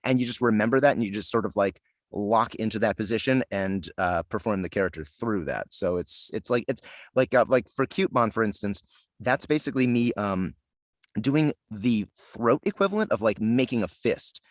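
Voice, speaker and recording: A man's voice: on the low side, animated, moderate pace, no room sound, clean studio sound. A man being interviewed as a voice actor, talking casually and self-deprecatingly with lots of fillers and restarts. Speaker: voice actor guest.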